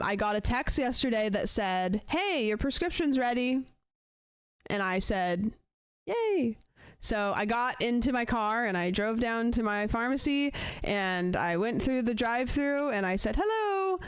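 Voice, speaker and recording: A young woman streams from a dry, close-miked space, her voice smooth and clear. She rambles through a story for her chat, casual and animated, putting on quick voices for the people she quotes. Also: fairly high pitch, dry recording. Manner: chatty, animated retelling with acted-out quotes.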